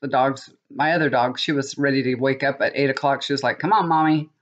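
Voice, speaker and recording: A woman's voice: rumbling low, fairly even intonation, brisk, lo-fi sound. A middle-aged woman, chatting casually to her viewers and telling a story, often repeating phrases for emphasis. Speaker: tarot reader and vlogger. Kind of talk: casual chat to camera.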